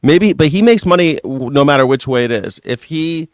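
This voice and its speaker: A man hosting a news reaction show, ranting with sarcastic, profane commentary and yelling at times. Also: on the high side, animated, dry recording. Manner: sarcastic, profane, fast-shifting rant; yells at times.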